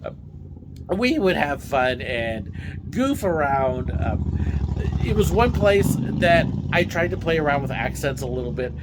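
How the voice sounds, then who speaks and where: A man hosting a vlog, casually telling stories from his theme park job in a playful, animated way and acting out the voices. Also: mid-range voice, background noise. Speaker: vlog host, former theme park ride driver. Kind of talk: casual storytelling.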